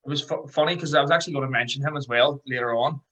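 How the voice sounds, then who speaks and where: A man with a Scouse accent hosting a podcast, telling stories in a fast, excitable way. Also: medium pitch, lo-fi sound. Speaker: podcast host. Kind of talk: casual interview chat.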